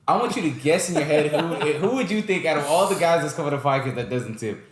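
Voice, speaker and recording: A man co-hosting a podcast in casual chat, joking and swearing in quick banter. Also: fairly high pitch, lively intonation. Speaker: podcast co-host. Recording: echoey room.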